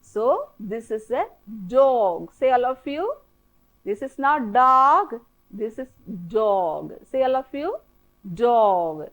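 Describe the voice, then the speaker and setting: A woman teacher with an Indian English accent, slowly drilling children through an English lesson with repeated prompts. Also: fairly high pitch, very animated, dark tone, poor audio. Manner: slow, repetitive, coaxing drill-style prompting. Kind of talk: televised classroom English lesson.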